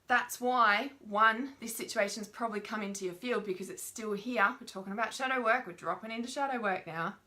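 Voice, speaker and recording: Bright, frank woman teaching spiritual growth. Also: a little high. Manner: frank and animated, swears often, keeps checking in with "right?". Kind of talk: informal spiritual teaching talk.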